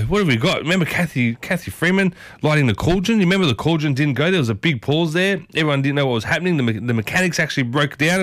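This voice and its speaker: A man's voice: on the high side, fairly bright tone, no echo. An Australian man hosting a casual morning radio show, chatty and enthusiastic, often repeating his catchphrases, speaking from a radio studio. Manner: chatty and enthusiastic, repeats "I tell you what". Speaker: radio host.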